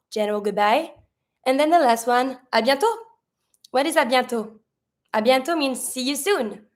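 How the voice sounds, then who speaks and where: A woman, a native French speaker, teaching French greetings in a chatty way, asking herself questions and answering them. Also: a little high. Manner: sprinkles fillers like "like".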